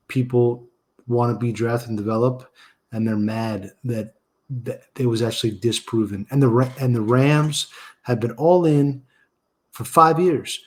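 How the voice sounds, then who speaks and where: A man co-hosting a casual sports podcast, talking in an emphatic, rambling way. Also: mid-range voice. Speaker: podcast co-host.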